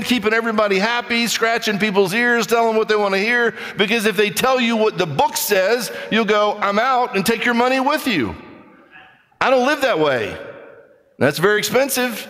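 A man preaching a sermon, reading scripture and acting out skeptics in quick, animated asides. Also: high voice, big-room sound. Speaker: pastor.

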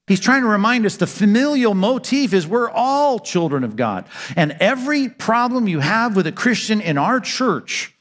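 A man's voice: high voice, fairly bright tone, long reverb tail. A man preaching a sermon as pastor, earnest and emphatic, asking rhetorical questions and answering them.

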